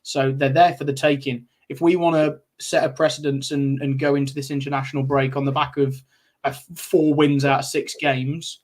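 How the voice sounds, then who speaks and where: A man co-hosting a football fan podcast, measured and factual. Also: medium pitch, level tone, a little mellow. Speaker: podcast co-host. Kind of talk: casual fan podcast chat.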